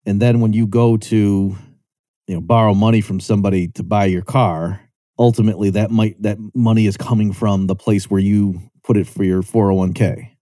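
The voice is steady, dark, and moderately paced, captured in studio quality without room sound. This economics lecturer explains things conversationally, often asking a rhetorical "right?" and acting out quoted speech in a higher pitch.

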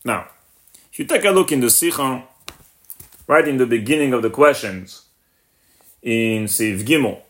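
A man leading a Torah class in English, weaving Hebrew and Yiddish terms in and glossing them as he goes. His voice climbs high when he puts the questions to the class, then settles back down. He talks at a mid-range pitch. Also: animated, measured pace, pauses often. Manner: rises sharply in pitch when voicing the questions; restarts and repeats words while explaining. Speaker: rabbi teaching a class. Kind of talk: Torah lesson on a text.

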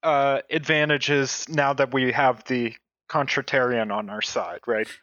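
Slow-talking bright man. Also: medium pitch, steady tone, dry recording, muffled recording. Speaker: player. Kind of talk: tabletop game play.

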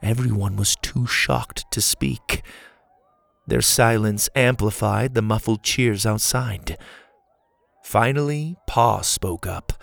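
A man giving scripted storybook narration in an even, clear storytelling delivery on a close studio mic. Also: fairly low pitch, takes it slowly, no room sound. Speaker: audiobook narrator.

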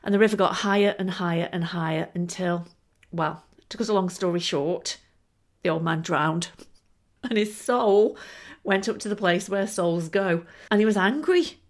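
A woman's voice: on the low side, moderate pace. A woman hosting a storytelling podcast, narrating expressively and laughing now and then. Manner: lively, expressive, laughing between lines. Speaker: storyteller and show host.

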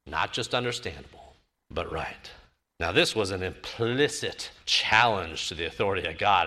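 A man teaching a sermon on a Bible passage, emphatic and building to forceful repetition. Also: mid-range voice.

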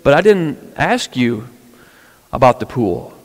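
A calm, compassionate Jesus who speaks in a soft, hushed voice, as a preacher plays him. The quiet words hang in the long reverb of a church hall. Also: male voice, mid-range voice, takes it slowly. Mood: gently firm.

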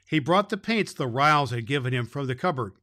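A man reading a children's story aloud in character as Santa Claus, with gentle, measured narration. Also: mid-range voice, animated.

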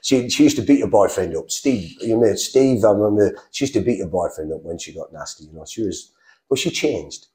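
A middle-aged man from England telling his life story in a casual, animated way, acting out the voices he quotes. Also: on the low side, a little fast. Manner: animated, acts out quoted voices, frequent restarts. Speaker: guest telling his testimony.

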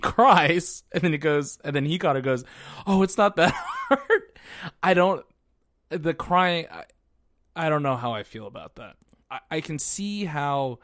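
A man co-hosting a podcast, chatting in an animated way and sometimes dropping to a mutter. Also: medium pitch, no room sound, clean studio sound. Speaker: podcast co-host. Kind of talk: casual chat.

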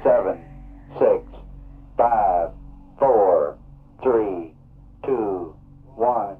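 A man counts down in a flat, measured voice, low and very unhurried. He comes through a tinny, phone-like radio link, heard from a distance with music behind. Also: husky. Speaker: countdown caller.

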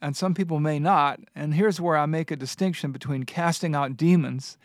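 A man's voice: on the high side, steady tone, moderate pace, no echo. Earnest man teaching scripture, dry sound. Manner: earnest, emphatic, reads scripture aloud. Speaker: Bible teacher and host. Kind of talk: scripture teaching in a studio discussion.

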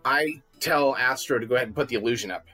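A man with an average-pitched voice playing a tabletop game, rattling off his plans quickly and matter-of-factly. Faint music hums behind him. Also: pushed and bright. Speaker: player. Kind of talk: casual tabletop play.

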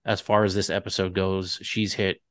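Man, Long Island accent, casual podcast co-host, chatty, hedging, lowish voice, dry close sound. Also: flat delivery, moderate pace, no echo. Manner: chatty, leads the discussion with hedging asides. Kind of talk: casual recap chat.

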